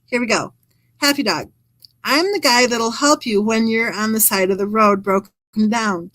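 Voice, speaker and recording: A woman's voice: on the high side, moderate pace, a bit bright, dry recording, poor audio. A woman hosting a true crime channel, reading live chat comments aloud and adding wry, chatty asides.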